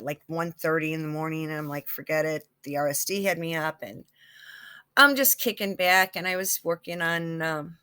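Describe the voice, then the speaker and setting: A woman's voice: fairly low pitch, a bit bright. A woman who hosts her own psychic channel, chatting casually in a rambling way with many fillers and restarts. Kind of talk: casual chat.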